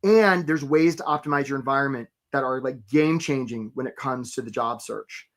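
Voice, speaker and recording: A man coaching job seekers on a live webinar, animated and casual, often stopping to greet attendees by name. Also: medium pitch, moderate pace. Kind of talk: energetic live webinar talk.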